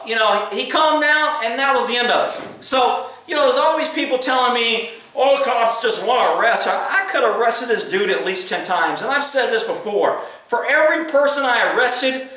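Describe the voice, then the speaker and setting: A middle-aged man, a retired police officer casually telling a profane, animated story full of quoted dialogue. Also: very high voice, normal speed, recorded from a distance. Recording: echoey room, voice a bit off-mic.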